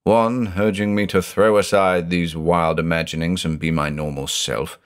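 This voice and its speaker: A man's voice: sits low, fairly even intonation, moderate pace, smooth, close to an everyday voice. A man voicing a tormented older male judge who is brooding and anguished and says he is haunted by thoughts of murder.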